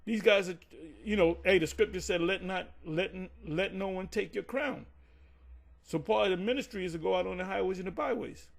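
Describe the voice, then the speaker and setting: A man casually recounting a past church conflict, animated and swearing freely, acting out the others' lines in a raised voice. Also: high voice, normal speed, gravelly. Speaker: teacher recounting church history. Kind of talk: casual storytelling monologue.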